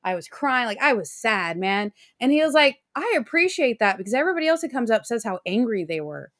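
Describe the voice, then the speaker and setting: A young adult woman co-hosting a podcast, telling a story in an animated, excitable way and laughing often. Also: a little high, fast, no echo, studio quality. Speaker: co-host. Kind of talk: casual storytelling chat.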